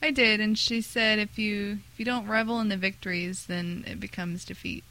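A woman's voice: mid-range voice, fairly even intonation, moderate pace, bright, forceful tone, rough recording. A woman co-hosting a casual gaming podcast, giving teasing, matter-of-fact replies. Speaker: podcast co-host.

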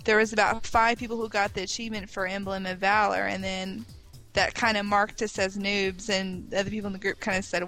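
A woman's voice: mid-range voice, level tone, a little fast, pushed and bright, low-quality recording. Explaining woman co-host, music behind. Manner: explanatory, lightly teasing. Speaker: podcast co-host. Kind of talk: casual gaming podcast chat.

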